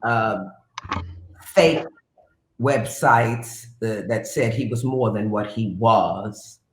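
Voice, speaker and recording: A woman's voice: extremely low pitch, drawn-out words. Brassy, profane woman in a roomy space. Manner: brassy, profane, animated, slides into sung phrases. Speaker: guest. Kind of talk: casual interview storytelling. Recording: roomy echo with faint piano.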